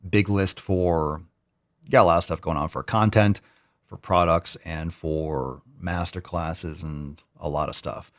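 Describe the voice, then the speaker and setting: A man hosting a casual livestream, hyped and rambling, who swears casually. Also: low voice. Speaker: host.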